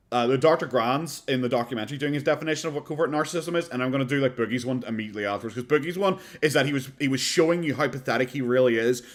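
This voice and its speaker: A man with an Irish accent giving casual, mocking commentary while watching a podcast, often laughing and rambling. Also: medium pitch.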